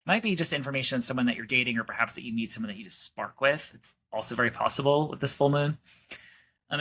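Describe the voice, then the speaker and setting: A man's voice: medium pitch, pushed and bright. A man giving a casual astrology forecast, chatty and rambling, with many fillers and restarts.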